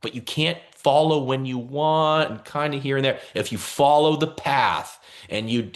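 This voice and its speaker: A man leading a team video call, giving an energetic motivational talk full of repetition and calls for the group to answer back. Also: medium pitch. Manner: energetic, repeats phrases, calls for responses. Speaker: team leader.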